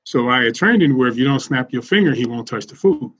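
Podcast guest: husky man, fairly high voice, lively anecdotal delivery, muffled lo-fi sound. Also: fast. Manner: animated, laughs often while telling stories. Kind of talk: casual storytelling.

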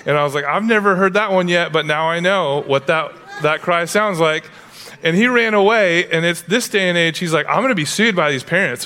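A young adult man preaching as pastor, telling stories with lively acted-out voices. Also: fairly high pitch. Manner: animated storytelling, acts out voices in anecdotes. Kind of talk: sermon. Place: church. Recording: long reverb of a church hall.

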